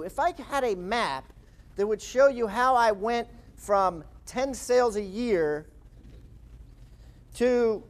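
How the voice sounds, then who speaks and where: Man, forties, high-pitched, animated storyteller, author giving a talk. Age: 40s. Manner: lively anecdotal storytelling. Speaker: speaker and author.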